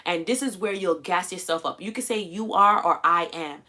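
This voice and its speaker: A woman hosting a livestream, coaching viewers in a casual, animated way and acting out quoted voices as she goes. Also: lowish voice, normal speed, hardly any pauses. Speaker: livestream host. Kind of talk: casual motivational livestream talk.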